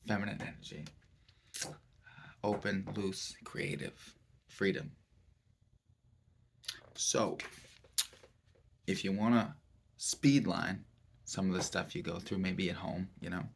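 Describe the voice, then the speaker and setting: Male comic host, low gravelly voice, slow rambling mock-guru delivery. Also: animated. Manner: slow, rambling, mock-serious lecturing with filler words. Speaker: comedic self-help presenter. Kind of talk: deadpan parody self-help lecture.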